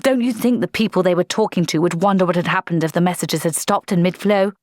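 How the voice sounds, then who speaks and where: Woman voicing a calm young lieutenant, clipped, precise, officer's tone, dry sound. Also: fairly low pitch, fast, no room sound, lightly acted. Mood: calm reasoning.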